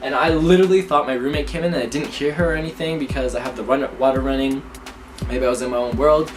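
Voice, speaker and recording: A young man telling spooky personal stories to camera in a lively, chatty way. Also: mid-range voice, fast talker, background noise. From Canada. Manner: lively, chatty, acts out his reactions, laughs often. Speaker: vlogger. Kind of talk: casual storytelling to camera. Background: background music.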